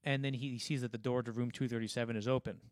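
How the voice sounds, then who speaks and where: A man's voice: medium pitch, fairly even intonation, very fast, a little mellow, no room sound, clean studio sound. A young man co-hosting a casual film podcast, animatedly retelling scenes in a rambling way full of restarts. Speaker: podcast co-host.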